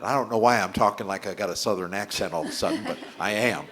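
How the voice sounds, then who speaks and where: A man's voice: on the low side, quick pace, few pauses. Rambling talk show host man. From Florida. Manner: rambling, stumbles over names and restarts.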